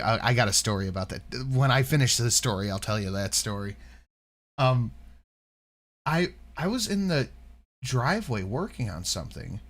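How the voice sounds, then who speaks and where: A man co-hosting a casual reaction podcast, his pitch swinging up and down as he tells stories. He talks loosely and swears a lot, and he acts out the people in his stories with their own voices. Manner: animated, profane, acts out quoted voices. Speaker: podcast co-host reacting to videos. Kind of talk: casual chat, storytelling.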